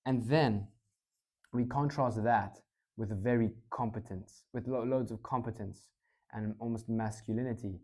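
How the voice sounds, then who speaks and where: A man coaches public speaking in a relaxed teaching talk, his low delivery swinging between excitement and slowness. He's recorded on a clip-on mic.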